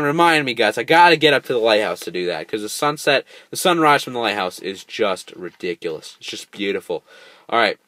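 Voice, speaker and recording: Young man, casual let's play commentary, very lively pitch, frustrated outbursts, dry close mic. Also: no echo. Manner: chatty, talks to viewers, erupts in frustrated outbursts. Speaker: gameplay commentator.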